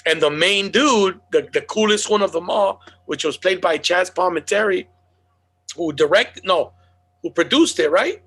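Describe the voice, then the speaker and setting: A man's voice: high voice, normal speed, husky. A man telling stories in casual, profane chat as a podcast host. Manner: animated storyteller, swears a lot.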